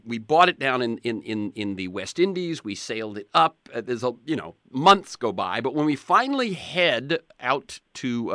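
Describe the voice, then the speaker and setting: A man's voice: mid-range voice, a bit bright, smooth, no room sound, clean studio sound. A man in his seventies hosting a podcast interview, telling stories in a rambling way with frequent restarts. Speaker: podcast host. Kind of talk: conversational interview.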